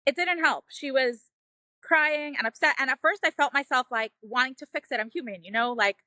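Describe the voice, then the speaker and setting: High, bright earnest woman. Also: normal speed, no room sound. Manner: earnest, emotional, frequent "like" and "you know". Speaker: parenting guest, mother. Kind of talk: heartfelt personal storytelling.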